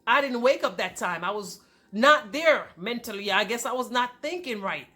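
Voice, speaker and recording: A woman's voice: fairly high pitch, animated, moderate pace, pushed and bright. A woman vlogger telling a personal relationship story straight to her viewers, with emphasis.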